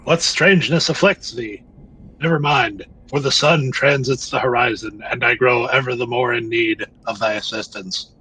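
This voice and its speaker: A man's voice: mid-range voice, moderate pace, pushed and bright, breathy edge, rough recording. A man voicing a stiff, formal landlord who speaks in archaic, theatrical phrasing. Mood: pompous.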